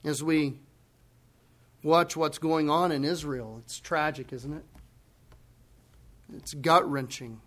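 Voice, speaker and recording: A male pastor delivering a sermon in a notably high voice for a man. His delivery swings between forceful, emphatic declarations and quiet, grave asides. The preaching stays impassioned throughout. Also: fairly even intonation, slow, long pauses.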